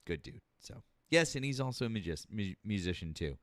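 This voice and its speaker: A man hosting a politics live stream in casual chat, halting with many fillers and restarts and swearing freely. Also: on the low side, expressive, dry recording, clean studio sound.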